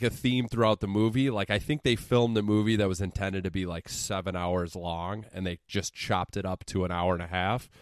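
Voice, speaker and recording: Young male podcaster, low voice, dry close sound; sarcastic, profane recap delivery. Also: no echo. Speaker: podcast co-host. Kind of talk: casual podcast movie recap.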